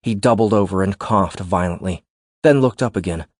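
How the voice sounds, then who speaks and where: Brief: male narrator, low voice, steady scripted delivery, dry close sound. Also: moderate pace, no echo. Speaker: audiobook narrator.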